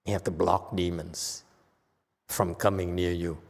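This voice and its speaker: A man giving a Buddhist Dharma lecture, quizzing his audience and growing animated as he explains. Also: low voice, unhurried, gravelly. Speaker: Buddhist teacher. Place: temple lecture hall. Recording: long hall reverb.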